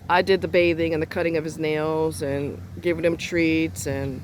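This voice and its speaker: A woman's voice: sits low, little pitch movement, normal speed, slight background noise. A woman vlogger delivering a heated, profane personal rant in a blunt, exasperated way.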